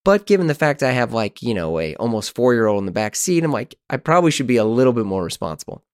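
A man in his thirties, a podcast host, telling a casual story in an animated, self-deprecating, rambling way. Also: medium pitch, fast talker, clear, resonant tone, no room sound, clean studio sound.

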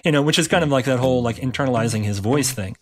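A middle-aged man casually recalling his school sports days, relaxed and rambling with many fillers. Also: medium pitch, racing, over music. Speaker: interviewee, former player. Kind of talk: casual recollection.

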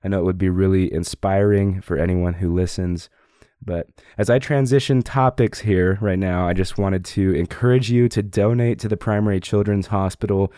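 A young man hosts a podcast while sick, his voice deep, dark and strained. He talks casually and encouragingly, filling pauses with uh and you know. The recording is dry and close. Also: fairly even intonation, no room sound. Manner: upbeat, encouraging, with frequent fillers. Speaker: podcast host. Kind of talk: casual solo podcast talk.

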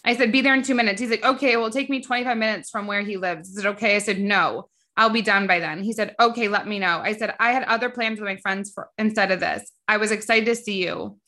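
Chatty, bright-voiced woman podcast host. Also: medium pitch, fast talker, hardly any pauses. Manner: chatty, emphatic, swears freely, rants when irritated. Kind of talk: casual storytelling monologue.

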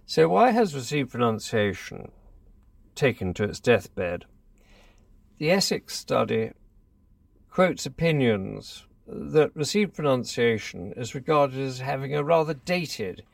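A man, a columnist, reading his own essay aloud in a measured, deliberate manner. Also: medium pitch, gravelly, no room sound, recorded from a distance.

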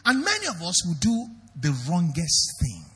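A man's voice: high-pitched, huge pitch swings, moderate pace, a bit bright, husky, big-room sound. A Nigerian man preaching a sermon as pastor, emphatic and questioning the congregation directly.

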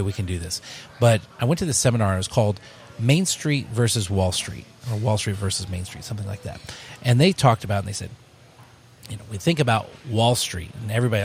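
A man, a bar co-owner, telling stories in a casual interview, animated and full of restarts. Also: lowish voice, slight background noise. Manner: storytelling, animated, many restarts.

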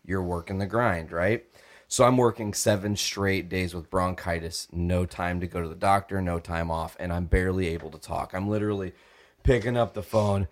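A young man co-hosting a podcast tells a long, profane story in an animated way, acting out the voices of the people he quotes. His voice is low-pitched, with fairly even intonation and a moderate pace.

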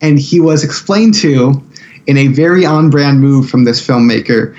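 A man's voice: medium pitch, normal speed, darkish tone. Rambling male guest on dull audio. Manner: rambling, filler-heavy storytelling. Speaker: guest filmmaker. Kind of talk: casual podcast chat.

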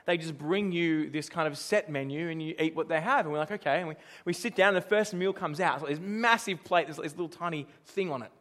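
A middle-aged man with a high, light voice preaches to a congregation. His manner is chatty and anecdotal, and he stops now and then to put questions to his listeners. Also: fast talker, few pauses, fairly bright tone. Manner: conversational, storytelling, asks the congregation questions. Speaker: pastor. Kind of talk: sermon.

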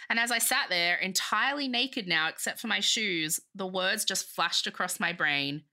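A young woman in her twenties hosting a podcast, chatting casually and reading her memoir in an animated, self-mocking way that often breaks into laughter. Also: medium pitch, moderate pace. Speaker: podcast host.

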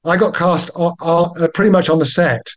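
An older man with a British accent, a guest actor chatting in a relaxed, wry, self-deprecating way. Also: brisk. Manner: genial, wry, self-deprecating, with lively pitch jumps. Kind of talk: relaxed podcast chat.

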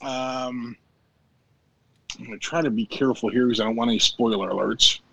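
A man's voice: medium pitch, fairly even intonation, normal speed, gravelly, pushed and bright, husky, poor audio. Man rambling through a casual podcast recap. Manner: rambling, laid-back, crude jokes, many fillers. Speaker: podcast host.

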